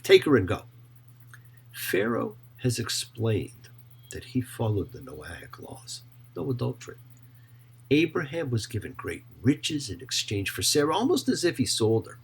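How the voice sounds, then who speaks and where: A man who is a rabbi, teaching Torah in an emphatic, expressive way and often asking rhetorical questions. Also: medium pitch, slightly rough.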